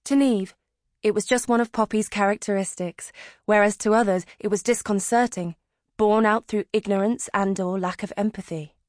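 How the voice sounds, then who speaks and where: Calm woman narrating an audiobook. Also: mid-range voice, dry recording, studio quality. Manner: calm, even storytelling. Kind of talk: scripted narration. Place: dry recording booth. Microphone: close studio mic.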